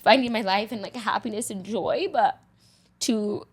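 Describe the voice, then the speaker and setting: A woman's voice: medium pitch, normal speed, slightly rough. A young adult woman on a casual podcast, talking candidly and from the heart, with many "like" fillers.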